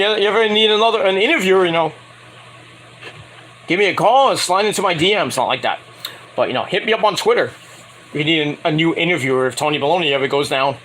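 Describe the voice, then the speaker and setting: A man's voice: a little high, a little hiss or hum. A man casually recapping a wrestling show in a rambling, profane way, acting out what the wrestlers said in mock voices. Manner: rambling, animated, acts out quotes in mock voices.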